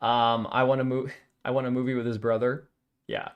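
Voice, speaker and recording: Reading out viewer comments on his livestream, a man answers them with blunt sarcasm in an offhand, unscripted way. His medium-pitched voice is smooth and flat, fairly quick, and the sound is lo-fi.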